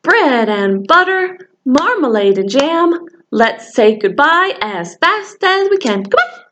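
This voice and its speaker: Woman, children's librarian; lively high storytelling voice, unhurried, faint noise. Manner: animated storytelling, sings a call-and-response song. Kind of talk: children's story time reading.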